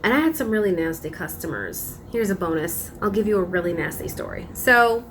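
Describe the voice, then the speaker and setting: Animated young woman telling a story. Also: on the low side, fairly quick, a little hiss or hum. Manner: animated, laughing, dramatic emphasis. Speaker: vlogger. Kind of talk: casual storytelling vlog.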